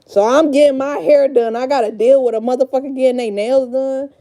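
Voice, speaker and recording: A woman's voice: sits high, steady tone, a little fast, dark tone. Frazzled, cursing woman in her thirties. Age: 30s. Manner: profane, frazzled and rambling; talks to herself while sorting a room. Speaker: live streamer. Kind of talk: casual livestream chat.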